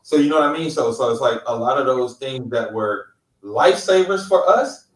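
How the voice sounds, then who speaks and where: On a laid-back roundtable podcast, a middle-aged co-host from California talks at a normal speed with a mid-range voice and lively intonation. His storytelling is blunt, emphatic and heavy on profanity, picked up by a distant mic in a roomy space.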